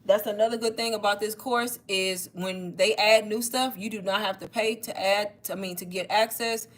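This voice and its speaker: A woman chats straight to her livestream viewers. She is a little out of breath and keeps calling them "y'all" as she pitches online courses in a relaxed, talkative way. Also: normal speed. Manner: chatty, addresses viewers as y'all. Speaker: online marketing creator. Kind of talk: casual livestream sales talk.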